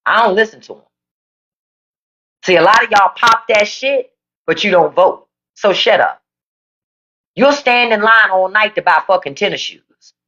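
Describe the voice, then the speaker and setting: A woman's voice: mid-range voice, expressive, measured pace, long pauses, fairly bright tone, lo-fi sound. A woman hosting a live stream, delivering a blunt, profane political rant to her viewers. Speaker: livestream podcast host. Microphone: phone or desk mic for a live stream.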